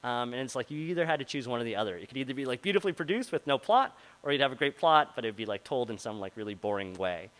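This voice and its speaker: Medium-pitched and fairly bright, this man speaks fast with few pauses and lively intonation, captured on a low-quality recording. Presenting at a meetup as a product manager, he answers a live meeting-room audience's questions chattily, dropping many likes and ums.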